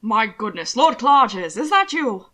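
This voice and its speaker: A woman voicing a portly, fussy older male official who frets loudly, in an audiobook reading. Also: a little high, very animated, a little slow, heavily acted. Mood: flustered. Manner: flustered, fretful, loud.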